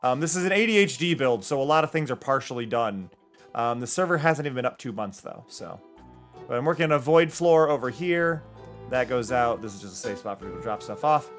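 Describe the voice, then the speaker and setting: A man's voice: medium pitch, animated, a little fast, fairly bright tone. A man chatting casually on a livestream, talking easygoing and narrating what he does as he builds in a game at home into a desk microphone. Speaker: streamer. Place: home room. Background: faint game music.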